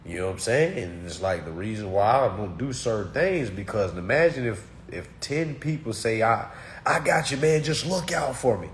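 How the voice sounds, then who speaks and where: A man, giving a blunt, preachy talk to his course students that swings between loud and muttered. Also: on the low side, lively intonation, moderate pace, slight background noise. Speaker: course teacher. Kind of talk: blunt motivational rant.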